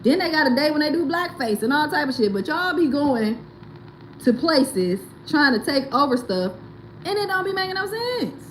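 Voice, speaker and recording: A woman's voice: sits high, normal speed, a little hiss or hum, low-quality recording. A woman host, talking bluntly and animatedly, reacting to viewer comments in casual commentary. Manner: blunt, animated, swearing and laughing. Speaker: livestream host.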